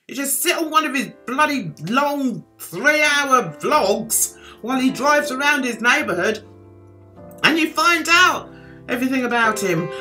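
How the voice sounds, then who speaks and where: A woman's voice: high-pitched, pushed and bright. A British woman vlogging, gossiping sarcastically with chatty asides. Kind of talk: gossipy commentary vlog.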